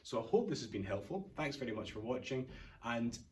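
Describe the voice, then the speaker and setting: A Scottish-accented man teaches a recorded revision lesson, talking through a poem piece by piece. His pitch sits in a middle range for a man. He sounds informal and easygoing, dropping Scots words as he explains. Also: very animated, brisk. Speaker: English teacher.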